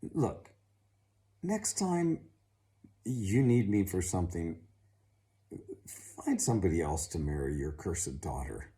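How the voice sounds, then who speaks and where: Man playing a gruff hunchback, fed up, loud and complaining, dark tone. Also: sits low, big pitch swings, slow, pauses often, heavily acted.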